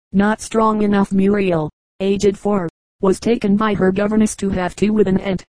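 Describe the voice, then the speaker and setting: A woman's voice: medium pitch, dark tone, no echo, poor audio. Woman reading a humor audiobook, dry sound. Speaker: audiobook reader.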